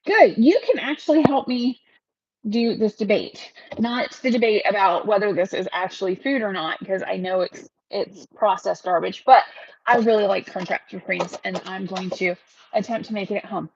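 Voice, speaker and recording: A woman's voice: mid-range voice, normal speed, vocal fry, dull audio, a little hiss or hum. A woman chatting casually on a livestream, rambling from one thing to the next and laughing often. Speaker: realtor hosting a livestream.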